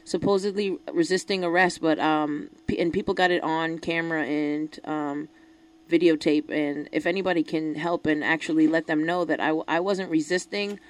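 A woman's voice: low voice, steady tone, moderate pace, low-quality recording. A woman guesting on a casual radio show, talking earnestly and hesitantly with fillers. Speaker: studio guest.

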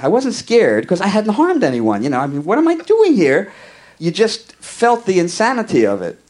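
A male comedian telling a long comic story in a wry, conversational way, with deadpan asides. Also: sits high, moderate pace.

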